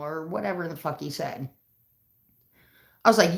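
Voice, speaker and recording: A woman's voice: fairly low pitch, normal speed, vocal fry, pauses often. Foul-mouthed woman telling stories in an echoey room. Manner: profane, animated retelling with quoted voices. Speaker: livestreamer. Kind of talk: casual storytelling to viewers.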